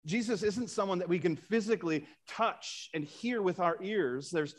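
A pastor whose voice sits high preaches his Sunday sermon at a moderate pace. He reads scripture aloud, lifting his voice for emphasis, and asks the congregation rhetorical questions.

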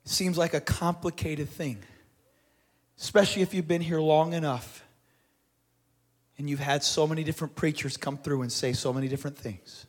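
Slightly high-voiced man telling a sermon story. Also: steady tone, normal speed, long pauses. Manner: dramatic readings with swelling and dropping loudness. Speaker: preacher.

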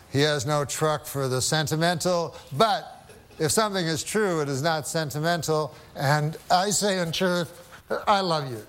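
A male comedian telling jokes in a deadpan, halting manner with many fillers. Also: on the high side, clear, resonant tone. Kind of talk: stand-up and talk-show storytelling. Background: studio audience laughter.

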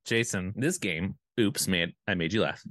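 A man co-hosting a casual podcast, playful and chatty, with rambling asides and loud laughter. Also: sits low, moderate pace, no room sound. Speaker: podcast co-host. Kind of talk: casual chat.

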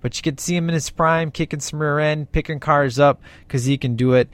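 A man's voice: a little high, fairly even intonation, fairly quick, no echo. Enthusiastic rambling man, dry sound. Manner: enthusiastic and rambling, acting out quoted lines. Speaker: movie reviewer. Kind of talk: casual movie commentary.

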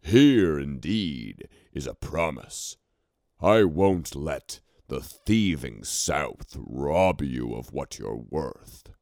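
A man doing a deep, rumbling brute warlord. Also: animated, darkish tone, dry recording, studio quality, heavily acted. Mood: commanding. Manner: rumbling, slow and deliberate. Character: hulking brutish male warlord of the north.

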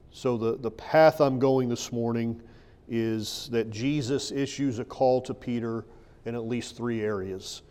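A man preaching a sermon, his voice carrying a long hall reverb. He retells the story in a relaxed, conversational way, pausing over his words. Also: medium pitch, smooth. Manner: conversational retelling, paraphrasing the story in plain speech. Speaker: pastor.

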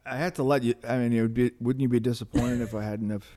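A man's voice: mid-range voice, steady tone, fast, mellow. An older man on a podcast as the host's father, talking hesitantly and distractedly, tripping over his words. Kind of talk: casual conversation.

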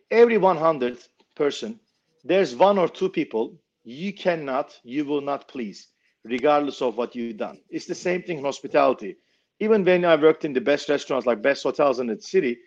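A knife maker telling a story casually, blunt and swearing freely. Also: male voice, on the high side, darkish tone, lo-fi sound.

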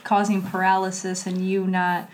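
A woman's voice: mid-range voice, monotone, normal speed. Woman, interview host; affirming, reflective, conversational.

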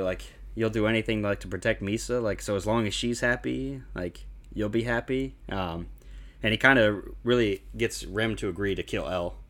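A man casually chatting on a podcast, calmly summarizing plot points with plenty of uhs and likes. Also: on the low side. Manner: relaxed, plot-summarizing with lots of fillers. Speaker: podcast co-host. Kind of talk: casual chat recapping an anime.

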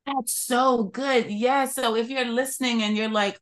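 A woman from Philadelphia, a podcast guest, telling her story in an interview in an animated, expressive way and laughing often. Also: fairly high pitch, a little slow. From Philadelphia, USA.

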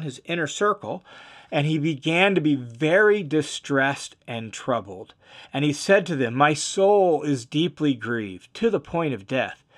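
Male Bible teacher, slightly higher voice, casual verse-by-verse explainer with fillers. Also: fairly bright tone. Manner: conversational, with fillers and restarts, stresses key words.

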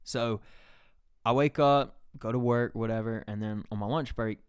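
A man's voice: mid-range voice, steady tone, normal speed, smooth, no room sound, studio quality. A young man hosting a podcast, telling a rambling, profane story in casual chat. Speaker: podcast host.

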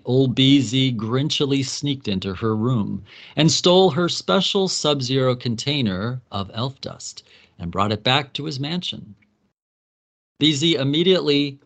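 Man, wry storyteller, comic plot recap, mid-pitched voice. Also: a bit bright.

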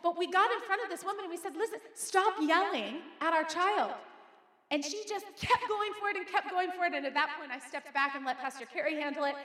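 High-voiced woman preaching in an echoey hall. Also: fast talker, few pauses, fairly bright tone. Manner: conversational, emphatic preaching with direct address. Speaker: pastor. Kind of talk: sermon. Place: church auditorium. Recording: echoey hall with long reverb.

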